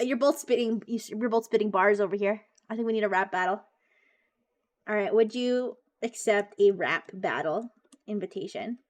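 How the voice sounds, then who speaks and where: A woman streamer chatting casually on a live stream, bubbly and giggly as she talks with viewers and a chatbot. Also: medium pitch.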